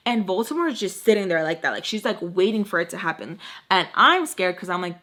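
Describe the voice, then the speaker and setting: A young woman telling a storytime vlog, animated, acting out quotes with many fillers. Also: mid-range voice, a little fast. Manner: animated, acts out quotes with lots of "like". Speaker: YouTube storyteller.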